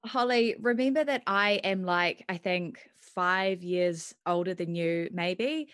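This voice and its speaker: A woman's voice: on the low side, slow pace, a bit bright. A woman co-hosting a podcast, chatting in a teasing, friendly way. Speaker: podcast co-host. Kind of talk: casual podcast chat.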